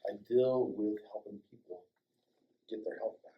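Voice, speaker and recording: An older man from Colorado, a chiropractor, telling a personal story to a small audience, acting out the dialogue and dropping to a hush at tender moments. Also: on the low side, fairly even intonation, moderate pace, muffled recording. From Colorado, United States. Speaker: chiropractor and guest speaker.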